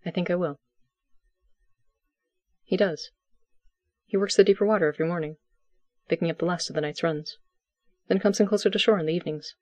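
A narrator reading fiction aloud in a calm, even, unhurried way. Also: mid-range voice, dry recording.

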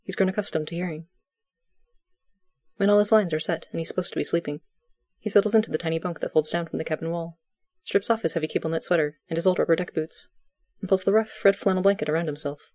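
A narrator reading fiction aloud in a calm, even, unhurried way. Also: medium pitch.

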